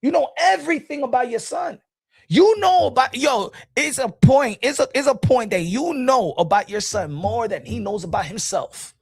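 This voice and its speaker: A middle-aged man hosting a casual boxing talk show, animated and repetitive, talking straight to his viewers in the chat. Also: extremely high pitch, moderate pace, creaky, slightly rough, dry recording, studio quality. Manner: animated, repeats himself, addresses folks in the chat.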